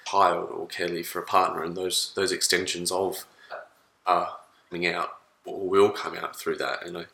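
A man's voice: sits low, little pitch movement, moderate pace, gravelly, sharp tone, echoey room, poor audio. A man, thinking aloud in a casual chat with restarts. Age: 30s. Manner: thoughtful, rambling with restarts.

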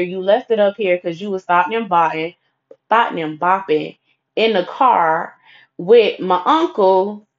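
A young woman telling a story on her vlog in a blunt, profane, animated way. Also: medium pitch, highs cut off. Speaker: vlogger. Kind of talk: storytime monologue.

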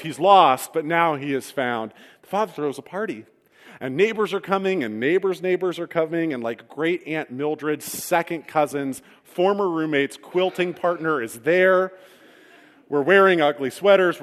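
A man preaching a sermon, retelling a story with humorous asides. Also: a little high. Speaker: pastor. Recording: long reverb of a large hall.

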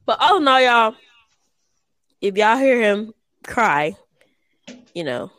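A woman's voice: fairly high pitch, animated, slow pace, a bit bright. A woman, co-hosting a podcast in casual, chatty talk and laughing often. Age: 20s. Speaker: podcast co-host. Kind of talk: casual chat.

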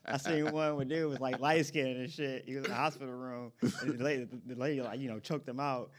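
A man's voice: medium pitch, steady tone, fast, a crowd in the background. Jokey guy, laughs a lot, mid voice, hanging out on a podcast. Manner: giggly, joking. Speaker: podcast co-host. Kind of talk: casual chat.

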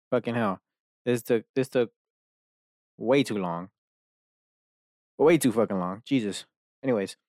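A man's voice: mid-range voice, no echo, studio quality. A young man from Dallas hosting a casual solo podcast, rambling and swearing a lot as he interrupts himself. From Dallas, Texas, USA. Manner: rambling, profane, swears often; self-interrupting, many restarts and fillers. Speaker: podcast host.

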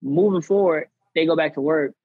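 A man's voice: fairly high pitch, moderate pace, dry recording, highs cut off. A man guest on a podcast telling a personal story in casual slang, acting out what others said. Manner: animated, acts out quoted people; conversational American slang.

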